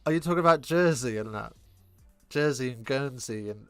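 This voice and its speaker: A man with an English accent doing casual live match commentary, trading cheeky, crude banter with chat between excited calls of the play. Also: medium pitch, moderate pace, clear, resonant tone, no room sound, faint music behind. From England.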